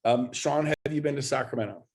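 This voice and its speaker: A man's voice: medium pitch, a little fast, creaky, a little mellow, slightly rough. A man coaching on a webinar video call, talking emphatically and pushing his listeners, often climbing into exclamations. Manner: emphatic, pushy, builds to exclaiming. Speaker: real estate coach. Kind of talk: motivational webinar talk.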